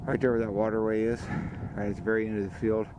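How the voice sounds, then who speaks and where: A man's voice: fairly low pitch, flat delivery, fast talker, background noise. An older man, hosting a hunting show outdoors by a field and rambling folksily about the hunt and his sponsors. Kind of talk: casual outdoor commentary.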